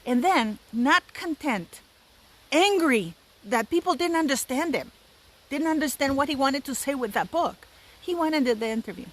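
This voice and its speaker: A woman's voice: sits high, animated, moderate pace, a bit bright, poor audio. A woman in her fifties hosting a solo commentary channel, talking in an emphatic, indignant way and repeating words for stress. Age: 50s.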